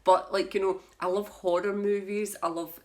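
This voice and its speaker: In a casual book chat filmed for the camera, a woman who reads tarot wanders from point to point and often laughs at herself. Her mid-range voice holds a level tone at a normal speed.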